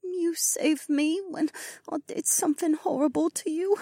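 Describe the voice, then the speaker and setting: A man voicing a remorseful young girl witch in an audiobook, speaking in a high, teary, pleading voice. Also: very animated, takes it slowly, dry recording, studio quality, full character voice. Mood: tearful, pleading. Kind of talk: audiobook character voice.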